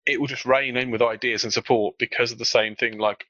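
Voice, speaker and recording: A man's voice: mid-range voice, a little fast, dry recording. A man with a slight frog in his throat, talking casually on a panel and acting out quoted colleagues. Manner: animated, acts out quoted colleagues. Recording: dull, dry lo-fi recording.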